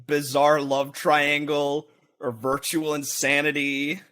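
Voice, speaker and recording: A man co-hosting a podcast, rambling in casual banter and breaking into sung and shouted bits. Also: a little high, level tone, slow pace, smooth. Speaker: podcast co-host.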